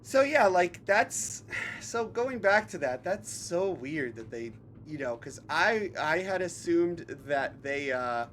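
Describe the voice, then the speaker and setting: A man's voice: fairly high pitch, fairly bright tone, a little hiss or hum. A man streaming a game live, chatting casually in a rambling, self-correcting way.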